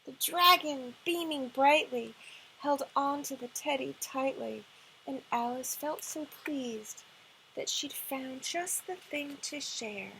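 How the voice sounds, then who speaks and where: A woman librarian reading a picture book aloud at storytime in a gentle, expressive way. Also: high-pitched, takes it slowly, creaky, background noise. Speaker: children's librarian.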